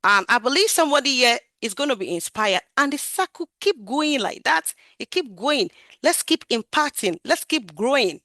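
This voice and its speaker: A QA tester shares her career-growth story in a webinar talk over a video call, speaking at normal speed. Her delivery is lively and emphatic, with her volume and projection rising and falling for emphasis. The recording sounds dry.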